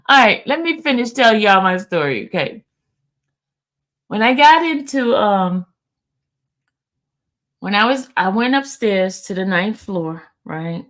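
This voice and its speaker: A woman in her fifties hosting a live stream, telling a story in a casual, animated way and talking straight to her viewers. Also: mid-range voice, measured pace, pauses often. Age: 50s. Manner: animated, laughing, addresses viewers as y'all. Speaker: channel host.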